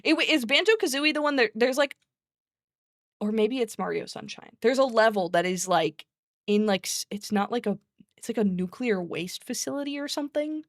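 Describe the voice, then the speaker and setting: A woman's voice: a little high, lively intonation, moderate pace, no echo, clean studio sound. A woman streamer chatting casually, rambling between topics, laughing often and swearing freely. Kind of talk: casual chat.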